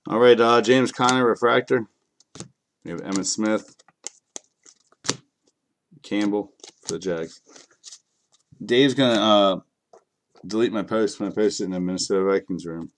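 A man with a fairly low voice hosts a live card break and talks to viewers by name in a loose, joking way. He sounds slightly sick and clears his throat now and then. A faint hiss sits under the recording. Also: unhurried, pauses often. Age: adult, has kids.

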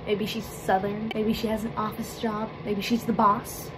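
A woman's voice: medium pitch, little pitch movement, moderate pace, noisy background, close to an everyday voice. A woman putting on the voice of a confident, self-assured woman who might be the boss at an office job. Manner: cool, sure of herself.

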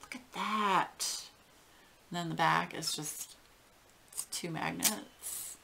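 A woman hosting a casual craft unboxing, gushing and getting emotional with breathy exclamations. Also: lowish voice, fairly even intonation, slow pace, sharp tone, slight background noise. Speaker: craft channel host.

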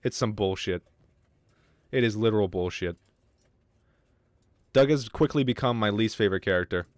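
A young man commentating his game on a livestream, excitable and swearing, with quick outbursts of frustration. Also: lowish voice, no echo. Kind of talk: casual gaming livestream commentary.

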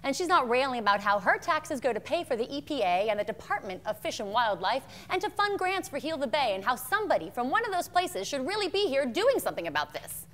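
A woman co-hosting a comedy show, telling scripted bits in a brisk, expressive way. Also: sits high. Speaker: co-host.

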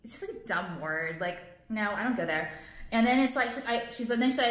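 A young woman talks straight to her camera in a loose, rambling vlog rant, full of fillers and blunt swearing. Her voice sits at an ordinary middle pitch. The room around her rings with echo. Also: animated, fast, a bit bright. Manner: rambling, heavy on "like", blunt and profane. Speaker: vlogger and jewelry line owner. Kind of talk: casual ranting vlog to camera. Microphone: camera, not phone. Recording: echoey room.

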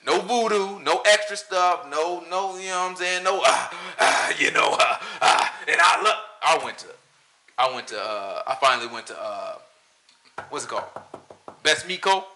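A man giving a casual, animated sermon to a small group, slipping into impressions of other pastors. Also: fairly high pitch, normal speed. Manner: animated, talks to the room, mimics pastors. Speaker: preacher.

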